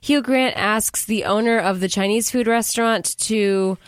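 Chatty woman with a smooth voice. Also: medium pitch, unhurried, no room sound, studio quality. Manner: chatty, retells scenes with quoted voices. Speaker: podcast co-host. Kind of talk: casual chat recapping a movie.

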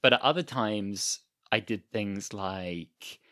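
A man's voice: lowish voice, takes it slowly, fairly bright tone, no echo, clean studio sound. A man guest on a podcast, rambling through stories with plenty of fillers. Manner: chatty, rambling storyteller with lots of fillers. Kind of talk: casual podcast chat.

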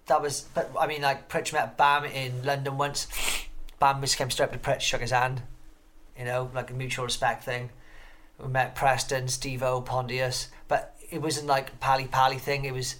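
A man's voice: mid-range voice, little pitch movement, moderate pace, fairly bright tone. Profane, rambling male interview guest. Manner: swears constantly. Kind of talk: casual interview chat.

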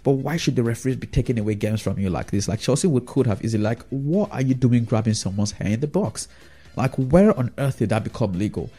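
A man's voice: mid-range voice, expressive, fast talker, warm tone, breathy edge, soft background music. A man giving a casual, rambling opinion monologue about football as a fan vlogger, often checking in with the listener through tag questions.

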